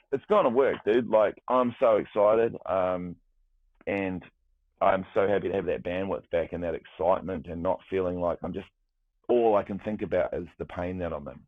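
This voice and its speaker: Deep new guy, rambly and animated, sounds like a dry phone line. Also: no room sound. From New Zealand. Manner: animated, rambling with restarts, swears freely. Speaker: guest, music producer. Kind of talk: casual chat.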